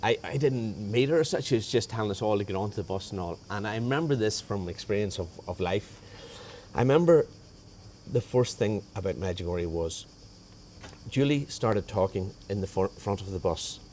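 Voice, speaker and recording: A man's voice: fairly low pitch, animated, moderate pace, a little mellow, slight background noise. A man telling a personal story in a rambling, conversational way, often restarting his sentences. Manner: rambling, with frequent restarts and reported dialogue. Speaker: guest sharing a faith testimony.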